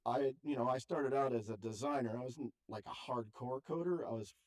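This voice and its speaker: A man's voice: medium pitch, brisk. Chatty older man interviewing. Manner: chatty, self-deprecating, trails off quietly. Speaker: interview host. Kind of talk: casual conversation.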